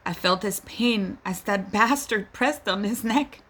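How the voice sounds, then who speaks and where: Speaking slowly and deliberately, a woman uses a bright, forceful, mid-range voice with a slight roughness. As a mother, she addresses listeners directly in an impassioned, pleading monologue full of indignation.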